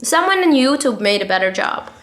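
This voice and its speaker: A woman in casual chat as a guest author, blunt and profane, full of fillers and quick restarts. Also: sits high, big pitch swings, fairly bright tone. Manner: talks fast with many fillers and restarts.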